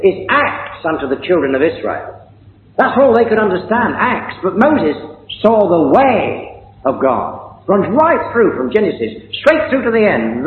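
A man's voice: high voice, slight background noise. An older man from England preaching a conversational sermon, full of rhetorical questions. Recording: tinny phone-like audio in an echoey hall.

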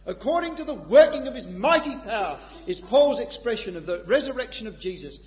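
A man preaching a sermon with passion, moving between quiet reflection and loud, emphatic declarations. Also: very high-pitched, very animated, a little fast, few pauses. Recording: lo-fi recording in a reverberant hall, faint hum.

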